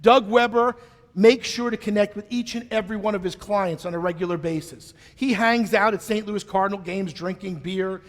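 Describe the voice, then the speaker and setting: A middle-aged man giving a keynote speech on stage, telling a story in a playful, animated way. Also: high voice, moderate pace. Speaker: keynote speaker. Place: conference stage in a large hall. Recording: long reverb of a large hall.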